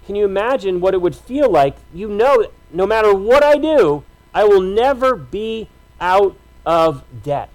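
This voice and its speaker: A man's voice: high-pitched, expressive, measured pace, rough recording. A man pastor preaching a sermon, conversational and emphatic, stacking repeated phrases to drive his points home.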